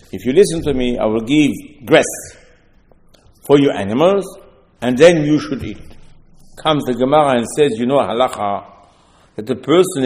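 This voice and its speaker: A man's voice: mid-range voice, darkish tone. A man with preaching a sermon, telling stories with asides and rhetorical questions. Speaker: rabbi. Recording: long hall reverb.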